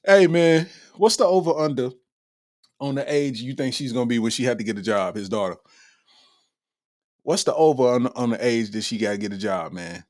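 A man's voice: medium pitch, lively intonation, brisk, long pauses, darkish tone, dry recording, studio quality. A man hosting a comedy podcast, talking in loose slang with frequent laughter and an irreverent tone. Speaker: podcast host. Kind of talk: casual comedic commentary.

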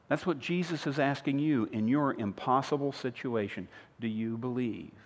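A pastor preaching a sermon, retelling a story with humor, swinging between loud emphatic lines and quiet earnest appeals. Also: male voice, mid-range voice. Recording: long hall reverb.

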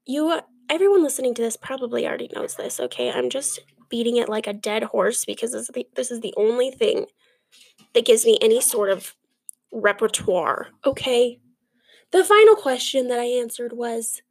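High-voiced chatty woman podcaster. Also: no echo. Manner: chatty, ranting, animated asides. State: out of breath. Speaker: podcast host. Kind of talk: casual chat.

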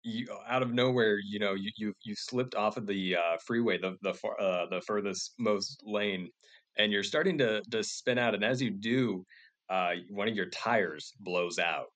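Guy gm-ing a goofy tabletop game, kinda low voice, lots of uhs and restarts. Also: moderate pace, a bit bright. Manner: rambling, many fillers and restarts. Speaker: game master. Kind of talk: narrating a comedic tabletop game.

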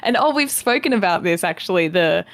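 A woman's voice: fairly low pitch, animated, a little fast, no room sound. A young woman co-hosting a casual podcast, chatty, telling a story and acting out her own reactions, often laughing. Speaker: podcast co-host. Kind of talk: casual chat.

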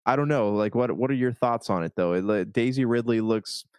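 A man co-hosting a casual movie discussion, hedging and thinking out loud as he talks. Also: medium pitch, fairly quick, clean tone, dry recording.

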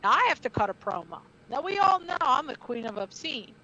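This podcast guest is a middle-aged woman who used to wrestle, and she's telling a heated story in blunt, profane, everyday language. Her high-pitched voice is very animated and brisk, set against a noisy background in a dull lo-fi recording.

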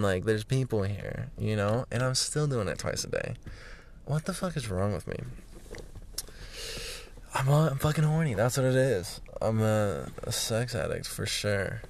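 A man's voice: lowish voice, vocal fry, a little hiss or hum. A young man talking to the camera in a candid vlog monologue, rambling and blunt, swearing freely and sometimes dropping to a whisper, recorded indoors in a room. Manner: rambling, blunt, profane, drifting into hushed whispers. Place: indoors, a room where he is staying.

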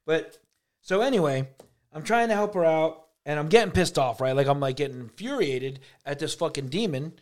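A man with a slightly high voice, co-hosting a casual podcast. He tells his story in an animated, profane way, full of "like" and quoted yelling. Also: normal speed. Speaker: podcast co-host.

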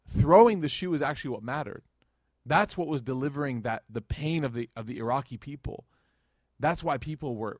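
A young man teaching a lecture to a live audience in a chatty, story-driven way. His voice sits at an ordinary middle pitch and sounds close and dry. He acts out quoted speech with sudden lifts in his voice. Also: no echo.

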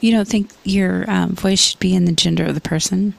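A woman's voice: on the low side, steady tone, a little fast, vocal fry. A woman co-hosting a live comedy podcast, asking dry, teasing questions in casual banter. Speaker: podcast co-host.

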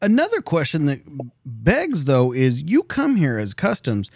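A man hosts an interview, steering it with friendly questions and asides. His pitch moves in an animated way. The recording is dry and close, with no room sound. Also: measured pace, vocal fry, no echo. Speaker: podcast host. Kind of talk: conversational interview.

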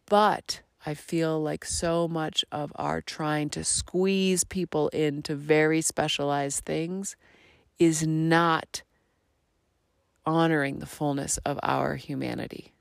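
A woman hosting her own podcast, talking in a slow, earnest, reflective monologue that drifts into soft half-whispers. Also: low-pitched, fairly even intonation, vocal fry, no room sound, studio quality. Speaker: podcast host.

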